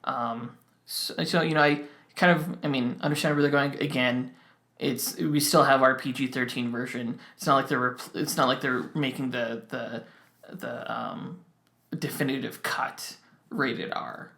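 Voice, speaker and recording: A man's voice: medium pitch, steady tone, unhurried, gravelly, bright, forceful tone, reverberant. A young man co-hosting a podcast in casual chat, rambling with many restarts. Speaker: podcast co-host.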